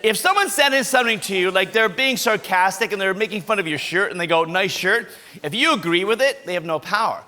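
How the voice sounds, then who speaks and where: A man's voice: sits high, expressive, fast, few pauses, bright, forceful tone. A man giving an upbeat anti-bullying talk at a school assembly, coaching kids through role-play.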